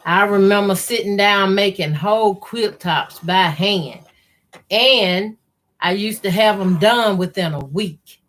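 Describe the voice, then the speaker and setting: A woman's voice: mid-range voice, slow pace, fairly bright tone. A middle-aged woman with a Southern country accent, chatting folksily on a live sewing stream and greeting viewers by name. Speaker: sewing channel host. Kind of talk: casual live-stream chat while sewing.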